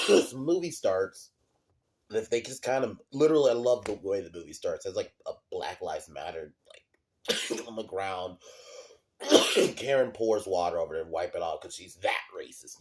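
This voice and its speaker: Deep-voiced man ranting sarcastically. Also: animated, a little slow, pauses often. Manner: sarcastic, profane, heavy use of fillers. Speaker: movie reviewer. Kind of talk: casual ranting commentary.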